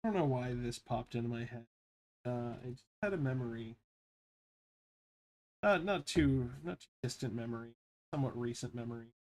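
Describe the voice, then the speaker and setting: A man's voice: mid-range voice, normal speed, pauses often, darkish tone. A man in his thirties, chatting casually while drawing pixel art, rambling and swearing freely. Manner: rambling, swears freely, laughs at own stories. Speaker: pixel artist and vlogger.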